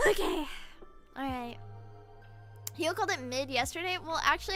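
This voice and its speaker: A young adult woman streamer chatting casually with her chat, gushing and giggling often, swinging from soft mumbles to shrieks. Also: sits high, animated, measured pace, gravelly, pauses often, faint music behind. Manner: gushing, giggly, frequent laughter.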